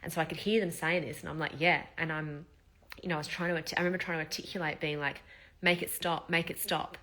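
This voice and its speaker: A woman in her thirties talks through a candid personal vlog, her voice bright and clear with a low pitch for her sex. She sounds a little short of breath as she recovers after surgery, and she tells the story loosely and emotionally, with fillers and the odd swear word. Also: steady tone, racing. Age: 30s. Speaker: vlogger.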